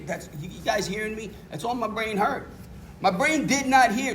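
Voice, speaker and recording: In a high-pitched, expressive voice with a fairly bright tone, a middle-aged man from New York gives candid recovery testimony as a meeting speaker, often laughing at himself. He moves at a moderate pace over a little hiss or hum.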